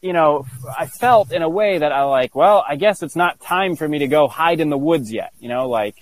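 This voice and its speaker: A man as an interview guest, telling a personal story earnestly, halting with many restarts and fillers. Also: fairly high pitch, dry recording, rough recording.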